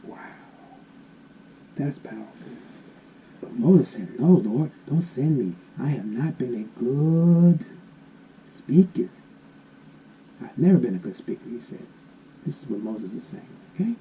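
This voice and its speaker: A man reading Bible verses aloud and explaining them in an animated, exclaiming way. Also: medium pitch, measured pace, long pauses, slight background noise, poor audio. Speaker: Bible teacher.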